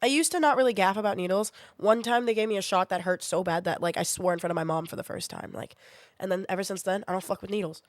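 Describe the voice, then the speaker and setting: Her voice medium-pitched and fast, a woman in her twenties with a sinus infection rambles through a story for her stream. She's animated and swears a lot while chatting casually with her live audience. There's no echo.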